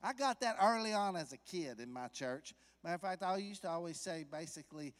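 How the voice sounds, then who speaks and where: Preacher with a raised voice in a reverberant hall. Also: male voice, high voice, expressive, a little fast, few pauses. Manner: conversational preaching that swells to loud emphatic peaks; questions the congregation directly. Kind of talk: sermon. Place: church sanctuary.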